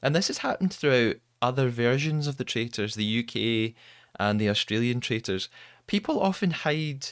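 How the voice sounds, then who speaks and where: A man's voice: mid-range voice, lively intonation, moderate pace, no echo, studio quality. A man hosting a podcast, chatting casually, asking his guest questions and laughing easily. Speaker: podcast host. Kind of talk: casual chat.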